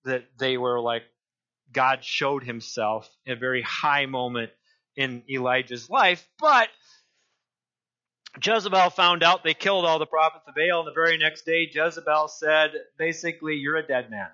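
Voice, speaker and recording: A male pastor preaching a sermon, deliberate and often repeating and restarting his phrases. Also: on the high side, fairly even intonation, pushed and bright, dull audio.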